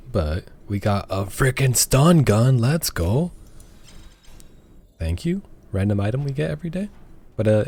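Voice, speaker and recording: A man's voice: on the low side, warm tone. A man hosting a casual let's play, joking and reading game dialogue aloud. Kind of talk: casual gameplay commentary.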